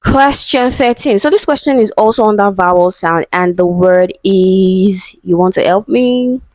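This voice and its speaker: A woman's voice: medium pitch, a little slow, darkish tone, no room sound. A woman teaching an exam-prep English lesson, patiently working through answer options, saying words aloud and spelling them out, with frequent "okay" and "right?" checks. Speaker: English tutor.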